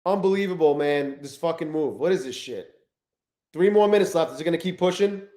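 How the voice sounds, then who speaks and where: A man streaming live, talking casually and excitably to his chat, swearing often and greeting viewers by name. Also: fairly high pitch, fairly quick, echoey room.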